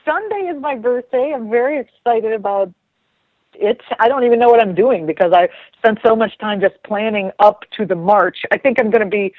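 A woman's voice: on the high side, moderate pace. A chatty woman talks as a radio guest, circling back and restarting her sentences as she goes. The sound is dull and lo-fi, like an older radio broadcast. It is also very dry, with no room echo at all. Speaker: guest commentator. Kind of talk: casual radio chat.

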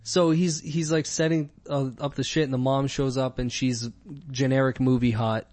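A man in casual comedic chat, profane and laughing often as he mocks a movie's scenes with quick impressions. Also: mid-range voice, little pitch movement, a little mellow.

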